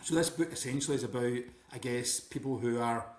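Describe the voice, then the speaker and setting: Scottish man, mid-pitched voice, casual rambling podcast guest, roomy echo. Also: brisk. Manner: rambling, many restarts and "you know". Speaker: guest author and teacher.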